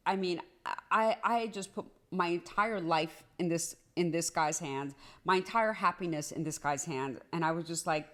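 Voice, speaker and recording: A woman telling a personal story in a casual storytime monologue, animated and rushed, often restarting and filling with "like". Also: fairly low pitch. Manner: animated, rushed, repeats herself with many "like"s.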